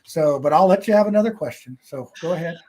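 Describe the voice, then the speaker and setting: A man's voice: fairly high pitch, animated, quick pace, mellow. A man hosting a live talk show in casual chat, rambling with many fillers and frequent chuckles.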